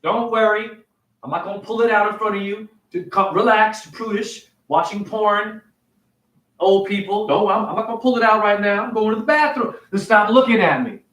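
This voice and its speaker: A man giving a rambling, confrontational livestream monologue. He fires off rhetorical questions, and his pitch swings widely. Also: normal speed, a bit bright, reverberant. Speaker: spiritual vlogger and store cashier.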